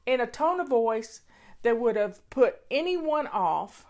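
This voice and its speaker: A woman with a slightly high voice speaks slowly and earnestly to her viewers from home. She chats casually over a cup of tea and drives home her points by repeating them. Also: lively intonation. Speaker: vlogger. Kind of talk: casual talk to camera.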